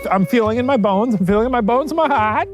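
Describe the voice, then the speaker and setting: A woman's voice: on the high side, lively intonation, fast talker, darkish tone. A woman hosting a livestream, chatting casually in a playful, teasing way and laughing often. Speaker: streamer host. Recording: music playing underneath.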